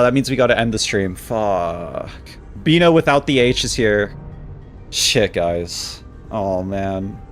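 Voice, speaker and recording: A man's voice: medium pitch, a bit bright. A man live-streaming a game, chatting casually with his viewers in a playful, teasing, mock-dramatic way.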